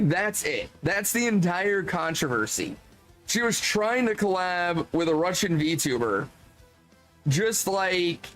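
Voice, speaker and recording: High-voiced man ranting on stream. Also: a bit bright, poor audio. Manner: exasperated, profane ranting with many "like" fillers. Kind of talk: casual stream commentary.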